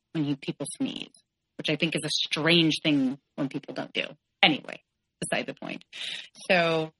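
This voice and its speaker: A woman, a podcast guest, telling a personal story frankly, halting and correcting herself with many fillers. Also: low-pitched, fairly bright tone, rough recording.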